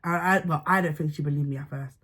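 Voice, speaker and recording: A woman's voice: low-pitched, steady tone, quick pace, fairly bright tone, slightly rough. A young woman, candidly telling a personal story to camera in casual slang, swearing freely. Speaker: vlogger.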